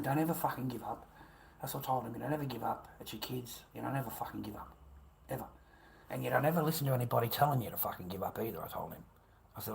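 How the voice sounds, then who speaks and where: An Australian man rambling on a livestream, swearing often and swinging between loud rants and muttered whispers. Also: mid-range voice, quick pace, gravelly, a little hiss or hum.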